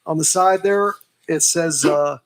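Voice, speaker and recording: A man chatting casually as a podcast guest, hesitant and quick to apologize. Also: fairly high pitch. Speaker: podcast guest running trivia. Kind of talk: casual chat. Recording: noisy recording.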